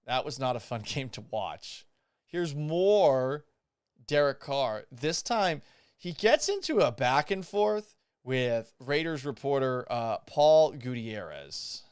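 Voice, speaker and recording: A male sports talk host with a smooth, resonant voice that swings up and down in pitch. He talks in a sarcastic, animated way and swears for emphasis. The sound is dry and close. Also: no room sound. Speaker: podcast host. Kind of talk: sports talk show monologue.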